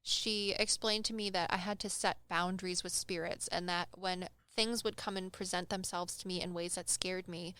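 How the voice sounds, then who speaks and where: A young woman casually telling a personal story on a podcast, animated and acting out the people she quotes. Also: on the low side, normal speed, few pauses, clean tone, dry recording. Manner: animated, acts out quoted voices, laughs often. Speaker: medium telling stories on a podcast.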